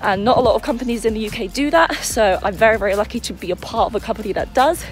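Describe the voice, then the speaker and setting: A young woman chats brightly to a handheld camera at an outdoor festival, bubbly and upbeat. Her voice sits fairly high. Music plays clearly in the background. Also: fast talker. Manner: bubbly and chatty. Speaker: vlogger and children's entertainer. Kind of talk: casual vlog.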